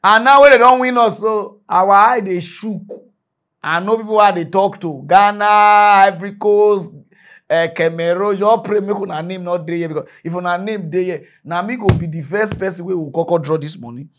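Nigerian guy doing a comic news rant, high voice, goes loud then mutters. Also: normal speed. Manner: animated, swings from loud outbursts to low mutters. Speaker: mock news host.

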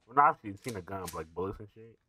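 A man hosting a reaction video, tossing out profane, laughing commentary in a bright voice. His pitch jumps around a lot as he gets excited. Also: rapid-fire.

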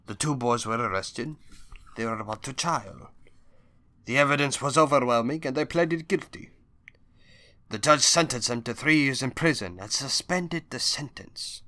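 A man reading an audiobook, voicing a grieving older undertaker who pleads in a low, quiet voice. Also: moderate pace, no echo, natural voice. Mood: bitter. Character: grieving older male undertaker begging for justice.

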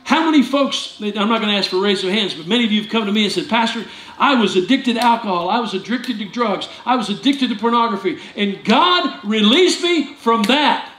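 Male pastor, high voice, lively joking sermon, echoey sanctuary, faint room noise. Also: a little fast, hardly any pauses. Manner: animated, jokey preaching with sudden loud outbursts. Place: church sanctuary.

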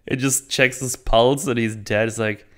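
A man's voice: medium pitch, fairly even intonation, measured pace. A man hosting his own channel, recapping a movie in a casual, rambling way, often laughing and acting out characters' lines. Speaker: channel host reviewing a movie.

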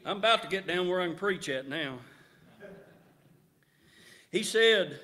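A middle-aged man preaching a revival sermon in a church, rising to shouts and punctuating his points with amen. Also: high-pitched, lively intonation, measured pace.

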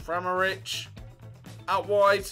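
Lad calling his football game, bright sharp voice, yelps n swears. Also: high voice, takes it slowly, soft background music. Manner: excitable, shouts and yelps at near misses, swears. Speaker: gaming channel host. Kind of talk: live gameplay commentary.

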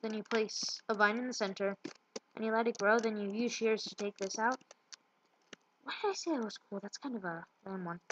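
A woman's voice: medium pitch, brisk. A woman giving casual gameplay commentary, rambling and tripping over her words. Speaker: let's play gamer. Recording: muffled lo-fi with loud hiss.

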